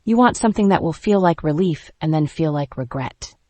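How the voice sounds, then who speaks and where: A woman voicing a guarded, protective mafia man who speaks low and controlled, in a close dry recording. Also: lively intonation, fairly quick, no echo. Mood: measured. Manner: quiet, controlled, low-spoken.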